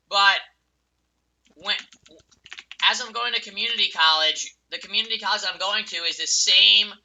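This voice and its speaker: Profane, furious young male gamer, piercingly bright. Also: high-pitched. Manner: furious, profane, yelling insults at other players. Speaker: game streamer. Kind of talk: ranting gameplay commentary and personal storytelling.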